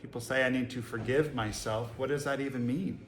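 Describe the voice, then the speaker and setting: Male Zen teacher from Boston, mid-pitched voice, a casual, joking dharma talk full of rhetorical questions, roomy hall with faint background hum. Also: fairly even intonation, a little fast. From Boston, USA. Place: meditation hall with a live audience. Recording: echoey room, faint ambience.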